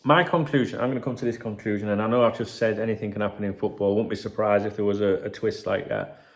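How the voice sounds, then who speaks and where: A man's voice: on the low side, steady tone, quick pace. A man hosting a football channel, ranting and rambling in casual, sweary banter.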